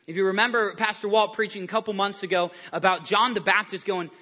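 A male pastor preaching a sermon to his church, animated and lively, stumbling over restarts and acting out the people in his stories. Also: high-pitched, a little fast, few pauses. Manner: animated, acts out quoted voices, many restarts. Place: church service before a congregation.

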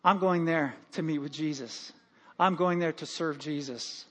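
A man preaching to his congregation as pastor, telling joking stories in an animated way. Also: a little high, unhurried. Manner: animated, joking, lively storytelling with acted-out quotes. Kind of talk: sermon. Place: church sanctuary.

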